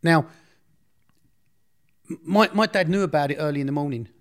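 A man's voice: fairly high pitch, moderate pace. Middle-aged male interviewee, blunt, rambling storyteller who keeps correcting himself. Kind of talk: casual storytelling.

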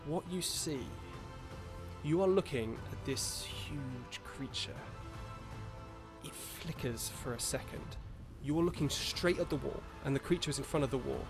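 British male game master, slightly raised pitch, hushed descriptive narration over background music. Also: measured pace. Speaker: dungeon master.

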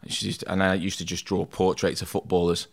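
This tattoo artist talks fast in a low, level, creaky voice as he shares school-days stories on a casual podcast interview. He's chatty and self-deprecating, dropping "mate" and "like" constantly.

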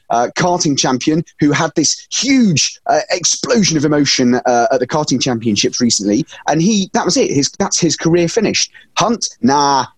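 A man co-hosting a casual podcast, telling stories with lively emphasis and slipping into comic put-on voices. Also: on the high side, slightly rough, dry recording. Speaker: podcast co-host.

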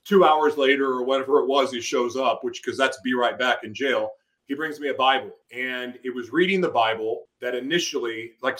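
A man's voice: mid-range voice, fairly bright tone. A middle-aged man, an author and interview guest, telling his personal story with feeling and acting out his own past outbursts.

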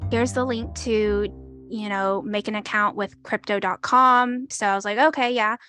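A woman's voice: mid-range voice, steady tone, normal speed, sharp tone, soft background music. A woman in her twenties telling her story in an interview, hesitant, full of "like" and acting out what people said. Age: 20s. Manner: hesitant, fills with "like" and acts out quoted dialogue. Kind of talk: conversational storytelling.

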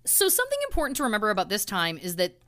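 A woman's voice: mid-range voice, huge pitch swings, racing, a bit bright. A woman co-hosting a casual true crime podcast, telling the story in a chatty way with indignant asides. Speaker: podcast co-host.

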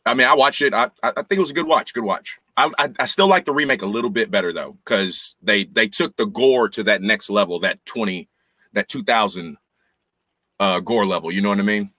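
A man's voice: lowish voice, brisk, bright, forceful tone, no echo. A man, a podcast guest, talking about a film hesitantly and repeating his words. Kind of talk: casual movie review chat.

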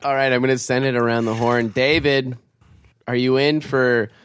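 A man's voice: medium pitch, flat delivery, moderate pace, clear, resonant tone. A man co-hosting a podcast, teasing and questioning in casual banter. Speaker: podcast co-host.

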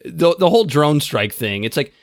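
A man's voice: on the high side, lively intonation, normal speed, vocal fry, no room sound. A man co-hosting a casual political talk show, making dry sarcastic quips. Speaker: podcast co-host.

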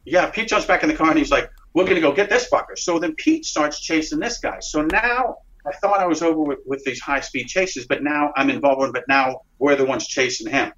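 A man's voice: fairly high pitch, moderate pace, hardly any pauses. Rambling man telling a wild story, lo-fi. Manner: rambling, excited storytelling with many restarts and profanity. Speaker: interview guest, whistleblower. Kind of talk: storytelling in an interview. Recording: dull lo-fi recording.

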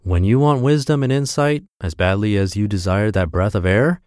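A man voicing a calm, wise old philosopher who speaks in a measured way. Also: fairly low pitch, no echo, clean studio sound, natural voice.

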